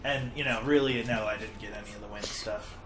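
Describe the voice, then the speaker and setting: A man's voice: fairly low pitch, fairly even intonation, a little fast, background noise. A man hosting a casual gaming session with friends, chatty and self-deprecating, laughing often. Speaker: host and player. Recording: roomy echo.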